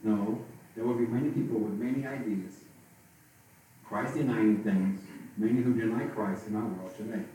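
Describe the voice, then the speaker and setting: A man preaching a sermon as pastor, speaking haltingly and often restarting and repeating his words. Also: lowish voice, steady tone, warm tone. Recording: very echoey, from far off, faint noise.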